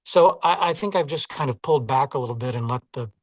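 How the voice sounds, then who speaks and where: A man's voice: medium pitch, fast talker, dry recording. Southern guy chatting about his work, laid-back and self-deprecating, dry close mic. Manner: reflective, self-deprecating, many "like" and "you know". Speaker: audiobook narrator, interview guest. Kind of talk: casual interview conversation.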